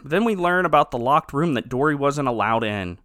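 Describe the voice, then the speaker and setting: A man hosting a podcast in casual chat, animated and incredulous, laughing often. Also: mid-range voice, a little fast, no echo, clean studio sound. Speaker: podcast host.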